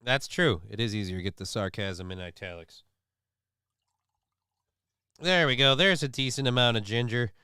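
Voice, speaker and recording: A man's voice: medium pitch, moderate pace, pauses often, sharp tone, smooth, no echo, studio quality. A man hosting a casual live stream, reading viewer comments and news stories aloud with sarcastic, offhand remarks. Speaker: livestream show host.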